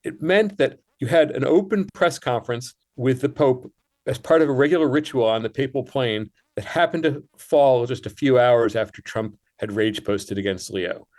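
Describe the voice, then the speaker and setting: A man's voice: medium pitch, normal speed, a little mellow. Thoughtful man explaining at length. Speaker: guest writer. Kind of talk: radio interview.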